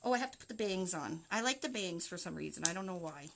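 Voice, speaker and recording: A woman's voice: fairly low pitch, lively intonation, fast, creaky, noisy background. A Canadian woman chatting casually with live viewers as she walks through a wreath craft step by step. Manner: chatty, talks to viewers while working. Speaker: wreath-making livestream host.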